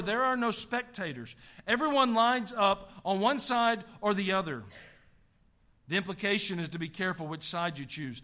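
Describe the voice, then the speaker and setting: A middle-aged pastor with a Southern US drawl preaches with emphatic punch, dropping folksy asides. His voice sits high for a man, with a bright, forceful edge. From American South. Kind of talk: sermon.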